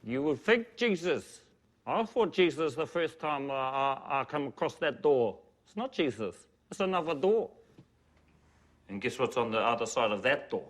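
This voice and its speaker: An actor playing a joking, folksy preacher who addresses a congregation in a film sermon, with a playful, drawn-out delivery. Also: male voice, mid-range voice, expressive, close to an everyday voice.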